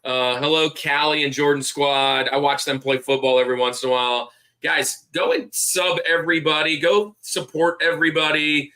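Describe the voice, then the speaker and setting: A man's voice: on the high side, steady tone, moderate pace, bright, forceful tone. A man hosting a podcast in casual chat, rambling and repeating himself as he plugs friends. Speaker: podcast host.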